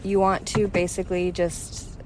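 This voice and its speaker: A woman co-hosting a casual chat, calmly explaining a technique step by step with frequent ums. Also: fairly low pitch, moderate pace, a little hiss or hum. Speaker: podcast co-host giving advice. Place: parked car.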